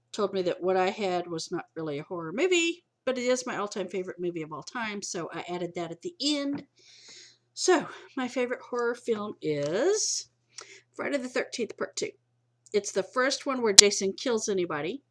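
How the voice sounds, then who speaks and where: A woman's voice: mid-range voice, animated, moderate pace, a little hiss or hum. Middle-aged woman, home vlogger; rambling, chatty, a little tired. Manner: rambling, chatty, self-interrupting. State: tired and yawning. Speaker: movie collector vlogger. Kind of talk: casual chat. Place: home room.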